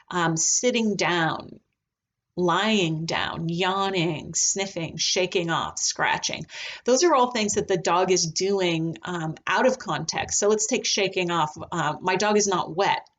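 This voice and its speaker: A woman teaching a recorded lesson on dog behavior, talking in a relaxed, chatty way with frequent ums. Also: on the low side, dull audio. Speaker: dog trainer.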